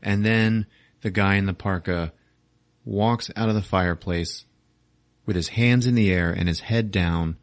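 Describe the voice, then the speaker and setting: Low-voiced man recapping a movie, cursing. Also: measured pace, no room sound. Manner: profane, animated retelling with goofy character voices. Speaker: podcast host.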